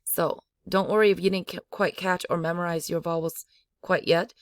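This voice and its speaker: A woman's voice: lowish voice, steady tone, moderate pace, no room sound. Woman language teacher, dry close sound, repeats the sounds to demonstrate them. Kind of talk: slow spoken language lesson.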